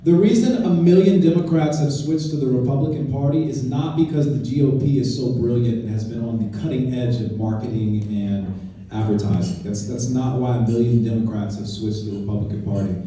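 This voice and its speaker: Recorded from a distance in a very echoey meeting room at a club event, this man's medium-pitched voice is brisk with a dark tone. He's the guest speaker at a political club, speaking informally, conversationally, and emphatically while frequently starting sentences over.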